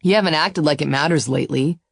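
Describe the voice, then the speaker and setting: A woman voicing a gruff young man, a hurt best friend who snaps his words. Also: fairly high pitch, quick pace, fairly bright tone, no echo, studio quality. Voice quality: gruff, snapping.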